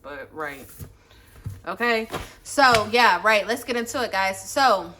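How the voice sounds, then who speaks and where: A woman's voice: medium pitch, expressive, slow pace, pushed and bright, a little hiss or hum. A woman giving a casual tarot reading into her phone, chatty, blunt and slangy, with lots of profanity. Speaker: tarot reader. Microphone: phone, face off camera.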